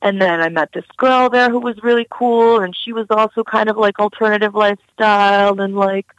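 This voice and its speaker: A woman's voice: medium pitch, fairly even intonation, moderate pace, no echo, lo-fi sound. A young woman recounting a personal story in an interview, casual and candid with many fillers. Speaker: guest.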